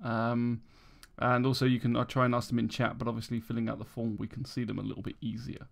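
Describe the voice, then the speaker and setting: Gravelly laid-back British podcast host. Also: male voice, medium pitch, flat delivery, quick pace. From Britain. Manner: laid-back, chuckling, lots of ums. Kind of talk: casual podcast chat.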